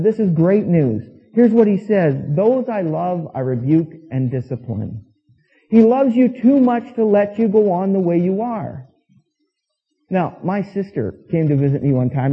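A pastor with a husky voice on the high side preaches a sermon, telling stories and acting out quoted voices with emphasis. The audio sounds tinny, like a phone, with long reverb.

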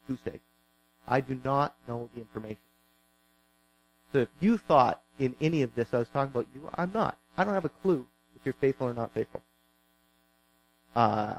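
A man's voice: medium pitch, low-quality recording. A man preaching a sermon as pastor, earnest and pleading, repeating words as he builds his points.

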